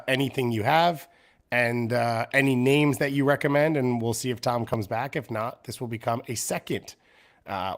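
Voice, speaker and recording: A young man hosting a casual live-streamed chat, rambling and poking fun at himself. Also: medium pitch. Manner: rambling, self-mocking. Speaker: podcast host.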